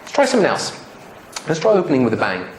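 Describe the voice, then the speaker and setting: A fast-talking man with a fairly high voice and wildly swooping pitch gives a live presentation in a lecture room. He's playful, joking and quizzing the audience, and the recording has a roomy hall sound with faint noise.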